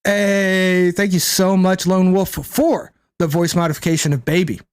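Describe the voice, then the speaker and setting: A man's voice: high voice, fairly even intonation, unhurried, clean tone. A man streaming a card game, rambling and thinking aloud to his chat, swearing casually. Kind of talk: casual gameplay commentary to chat.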